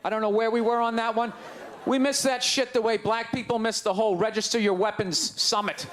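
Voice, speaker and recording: Before a live audience, a middle-aged stand-up comedian with a Boston accent mocks the crowd in a brash rant. His high-pitched voice stays fairly even and moves a little fast, recorded on a handheld stage mic amid club crowd noise.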